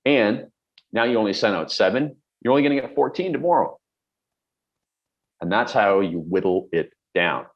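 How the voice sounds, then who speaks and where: A man's voice: lowish voice, lively intonation, normal speed, long pauses, highs cut off. A middle-aged man coaching on productivity, talking bluntly and emphatically with everyday examples. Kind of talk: direct-to-camera advice talk.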